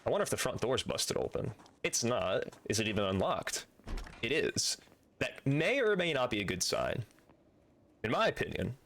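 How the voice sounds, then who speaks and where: A man's voice: mid-range voice, very animated, normal speed, vocal fry, fairly bright tone. A man streaming a video game live, chatting casually with viewers and swearing freely as he plays.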